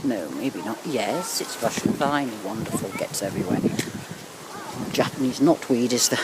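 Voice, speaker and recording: A woman's voice: rumbling low, lively intonation, normal speed, heavy background noise. A woman chatting in a sing-song way while filming a walk along a beach and holiday park. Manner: chatty, sing-song, hums and laughs often. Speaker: vlogger. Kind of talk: casual walking commentary.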